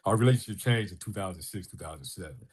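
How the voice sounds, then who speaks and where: Low and breathy, his voice moves quickly as this middle-aged man recounts something that happened to him. An artist and filmmaker guesting on a podcast, he's a lively storyteller who acts out what people said.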